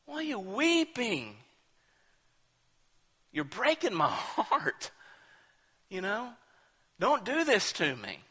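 Man doing determined apostle, emphatic, pleading, sharp bright tone, big echoey hall. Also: high voice, wildly swooping pitch, slow pace, long pauses, husky, pitched above the performer's own voice, heavily acted. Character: apostle Paul, resolute man ready to die.

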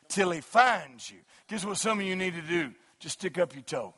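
A middle-aged man preaching a sermon, rising into loud shouted passages and then telling joking stories about his family and dog. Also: high-pitched, lively intonation, normal speed, slightly rough. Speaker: pastor. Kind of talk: sermon with humorous storytelling.

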